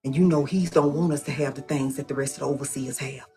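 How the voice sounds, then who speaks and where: A woman's voice: very deep voice, steady tone, quick pace, mellow, faint music behind. A woman playing a cautious, drawling elder woman. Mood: warning. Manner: folksy, drawling dialect speech. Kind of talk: comedic skit.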